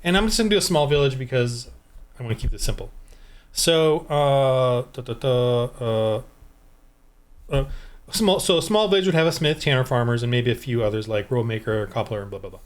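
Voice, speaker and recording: A man's voice: mid-range voice, lively intonation, brisk. A man who designs tabletop games, talking casually into a desk microphone and thinking aloud while he rolls dice to prepare a game. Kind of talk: casual solo game-prep walkthrough.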